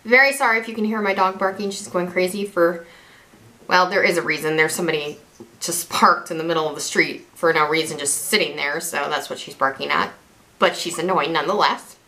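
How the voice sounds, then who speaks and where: A woman's voice: lowish voice, steady tone, a little fast, pushed and bright. A young woman chatting casually through a makeup tutorial as a beauty vlogger, rambling, self-deprecating and restarting her sentences.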